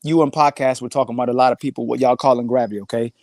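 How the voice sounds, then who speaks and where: A man's voice: mid-range voice, steady tone, racing, a little mellow, no room sound. Male debate guest, dry close sound, slangy and methodical. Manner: argumentative, builds a premise step by step, slangy. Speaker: panel guest. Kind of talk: casual panel debate.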